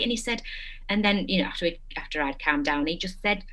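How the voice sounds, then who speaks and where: Woman guest, slightly low voice, animated storyteller in a casual interview. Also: quick pace. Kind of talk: casual chat.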